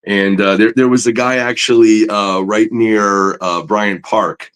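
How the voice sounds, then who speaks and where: A man, a comic book artist, chatting as a guest in an interview, telling stories with lively enthusiasm and many fillers. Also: lowish voice, a little slow, clean tone. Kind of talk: casual interview storytelling.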